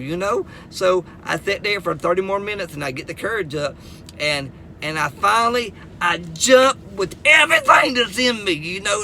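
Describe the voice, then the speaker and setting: A middle-aged man tells a comic story from his own life, his voice high and bright. He jumps around in pitch, repeats words and laughs at his own jokes. A faint hiss sits under the recording. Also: moderate pace, gravelly. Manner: animated, repeats words, Southern US phrasing.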